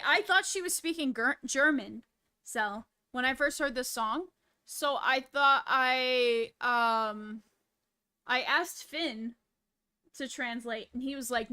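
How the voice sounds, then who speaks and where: Bright, high-voiced woman streamer. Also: slow. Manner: laid-back, swears casually. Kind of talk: casual livestream chat.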